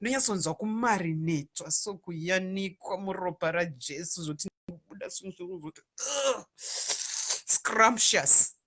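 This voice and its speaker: Zimbabwean woman host, bright voice, animated chatty delivery. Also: on the low side, normal speed. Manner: animated, mixing Shona and English. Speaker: online radio DJ and ministry speaker. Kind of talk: casual talk to viewers.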